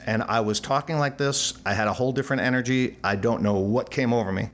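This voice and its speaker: Animated older man telling a story. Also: medium pitch, quick pace, hardly any pauses. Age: 60s. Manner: animated, acts out voices in anecdotes. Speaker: guest musician. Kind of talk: storytelling interview.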